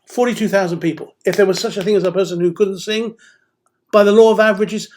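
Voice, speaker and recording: A man's voice: sits high, fairly even intonation, fast talker, darkish tone. A man teaching singing, talking in a direct, encouraging way as he coaches the listener through voice drills. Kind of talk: instructional seminar talk.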